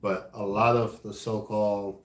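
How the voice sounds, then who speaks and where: Leading a religious study class in an echoey room, a male teacher speaks unhurriedly in a lowish, flat voice. He repeatedly asks his listeners "right?" to check in with them.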